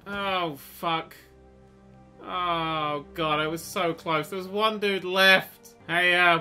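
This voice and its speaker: A young man doing comedic let's play commentary, excitable and sweary, yelping and shouting when things go wrong. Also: fairly high pitch. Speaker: gaming YouTuber.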